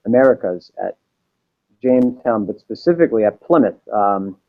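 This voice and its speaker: A man from Massachusetts answering interview questions in a measured, explanatory way. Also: fairly low pitch, expressive. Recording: dull, lo-fi sound.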